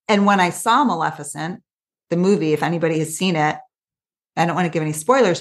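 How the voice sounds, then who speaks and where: A woman coach, a guest on an interview podcast, telling stories in a quick, animated way with lots of asides. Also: lowish voice. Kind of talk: casual interview chat.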